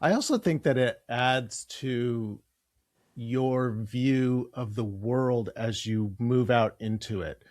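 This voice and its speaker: Host, male, relaxed interviewer who laughs easily, dry close recording. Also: medium pitch, slow pace, dry recording. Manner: easygoing, laughs readily. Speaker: podcast host. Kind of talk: conversational interview.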